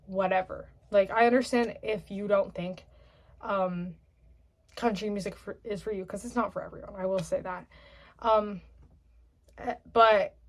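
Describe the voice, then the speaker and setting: Rambling young woman vlogger. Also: medium pitch. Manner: rambling, full of "um" and "like", self-correcting. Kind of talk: casual opinion monologue to camera.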